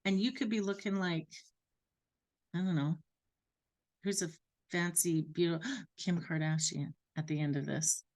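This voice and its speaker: A woman voicing a persuasive saleswoman, speaking softer and lower. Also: fairly even intonation, a little slow, pauses often. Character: persuasive woman selling wellness products.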